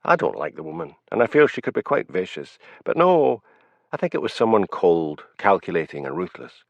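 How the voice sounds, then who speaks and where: A blunt Highland sergeant with a Scottish lilt, played by a man reading the book, low in tone and lively in his phrasing. He talks in a dry, sarcastic way. The sound is dry and a little dull, like an old audiobook file. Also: fairly quick, vocal fry, no echo, heavily acted. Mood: musing. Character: Highland police sergeant, wry and stubborn.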